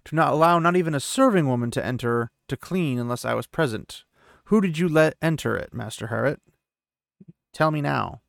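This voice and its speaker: A commanding sorceress lays out threats and warnings in a hard, precise voice, as a man puts her on. The sound is gravelly and dry, close to the mic. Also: a little high, expressive, normal speed, dry recording. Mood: threatening. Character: stern, commanding woman sorceress.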